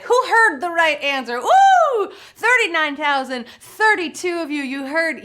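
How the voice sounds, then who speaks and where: A woman hosting a live trivia game show, playful and excitable, giggling between chatty asides. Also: high voice. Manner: upbeat and excitable.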